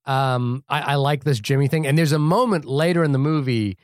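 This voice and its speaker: A man's voice: medium pitch, brisk, clear, resonant tone, dry recording, studio quality. A man co-hosting a movie podcast in casual chat, opinionated and stammering as he restarts his sentences. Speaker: podcast co-host.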